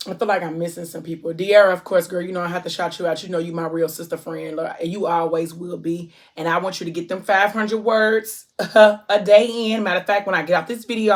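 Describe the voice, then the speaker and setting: A woman's voice: fairly low pitch, fairly even intonation. A woman from Ohio chatting casually to her viewers as a vlogger, effusive and full of endearments. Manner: effusive, warm shout-outs, drawn-out endearments. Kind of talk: casual chat to camera.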